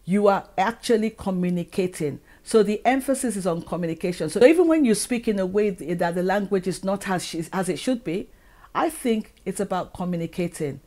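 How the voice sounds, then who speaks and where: A woman's voice: mid-range voice, expressive, fairly quick, dark tone. A middle-aged woman from Africa, hosting her own advice vlog and talking earnestly to the camera, full of rhetorical questions. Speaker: channel host and educator.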